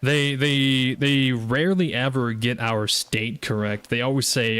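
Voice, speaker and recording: Talking a little slowly in a medium-pitched voice with fairly even intonation, this Southern US man rambles casually while streaming a game, full of fillers and restarts. His tone is a bit bright and clean, with no echo.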